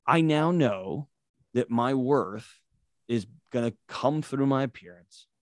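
A man explains in an earnest, storytelling way, leaning on vivid everyday examples. His voice is mid-pitched, and the recording is close and dry. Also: animated, takes it slowly, no room sound. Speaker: guest, mental health expert. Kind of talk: interview answer, explaining.

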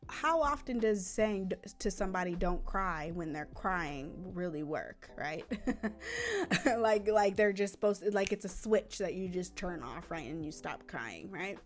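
A woman hosting a parenting podcast. She talks casually and earnestly, often checks in with a quick "right?", and sounds reassuring. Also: on the low side, expressive. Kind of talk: casual teaching talk.

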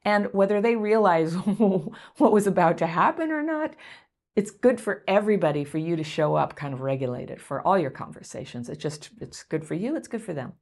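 A woman teaching how to calm strong emotions, in a coaching tone, laughing often and checking in with the listener. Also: fairly low pitch, normal speed. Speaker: therapist teaching emotional regulation. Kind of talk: direct-to-camera teaching talk.

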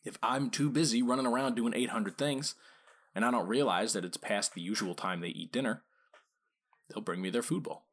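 A man's voice: medium pitch, a bit bright. A man hosting a podcast about dog training, talking casually and asking his listeners rhetorical questions. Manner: conversational, asks rhetorical questions, acts out quick quoted lines.

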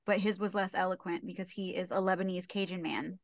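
A woman's voice: lowish voice, steady tone, brisk, vocal fry, a loud crowd. A woman hosting a podcast, asking curious, playful questions in a casual chat. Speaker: podcast host. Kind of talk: casual conversational interview.

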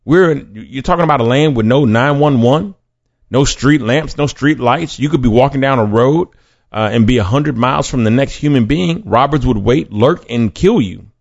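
A man's voice: mid-range voice, normal speed, vocal fry, no room sound. A man preaching a podcast sermon in an earnest, conversational way, often restarting his sentences. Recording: dry, dull lo-fi sound.

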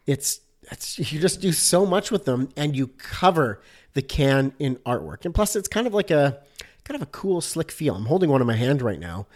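A man talks on his own in a casual podcast, his voice sitting a little high for a man. He sounds upbeat and chatty, and he pads his sentences with plenty of fillers as he explains things. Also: sing-song, normal speed, darkish tone. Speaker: podcast host, designer. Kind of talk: casual solo podcast talk.

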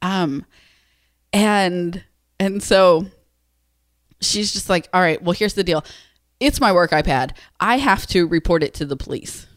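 Podcast co-host: a lively woman who tells stories with lots of laughs, recorded dry. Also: on the low side, a little slow, long pauses, no echo. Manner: animated, laughing, acts out quotes. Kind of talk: casual storytelling chat.

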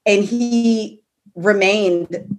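A woman's voice: mid-range voice, very slow, soft background music. A young woman co-hosting a casual faith podcast, talking reflectively and laughing between her thoughts. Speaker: podcast co-host. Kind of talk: faith-based casual chat.

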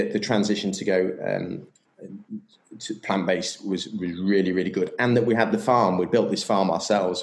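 A man in casual conversation, candid and enthusiastic, swearing freely. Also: sits low. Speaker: podcast guest, yoga business owner. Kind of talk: casual chat. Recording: roomy echo.

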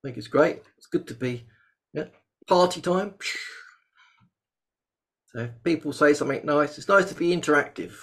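A man's voice: a little high, normal speed, long pauses. Host, man, jokey and chatty, video call. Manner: chatty, jokey, lively bursts of excitement. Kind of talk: casual webinar chat.

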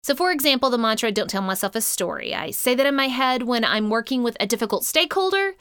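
Encouraging woman podcast host, smooth voice. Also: on the high side, animated, fast, fairly bright tone, dry recording. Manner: earnest, encouraging, with frequent light laughs. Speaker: podcast host and leadership coach. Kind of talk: podcast monologue.

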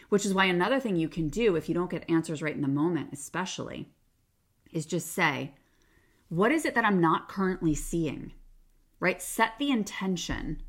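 A woman hosts a self-help podcast alone, with a voice that sits on the low side. Her delivery is casual and coaching, and she leans on "like" as she talks things through. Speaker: podcast host.

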